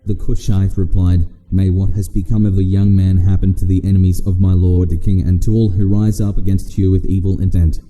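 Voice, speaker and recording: A man with a low, very dark and mellow voice reads scripture aloud in a steady, measured way. His voice carries a long reverb tail, as if in a large hall. The delivery is calm and even. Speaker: Bible reader. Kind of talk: scripted audio Bible reading.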